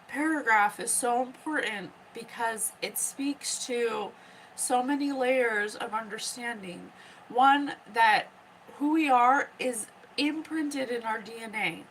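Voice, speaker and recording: Slow, high-voiced woman spiritual host. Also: slight background noise, low-quality recording. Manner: soft, earnest, pauses often with "okay?". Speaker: psychic podcast host channeling spirit messages. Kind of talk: slow spiritual teaching monologue.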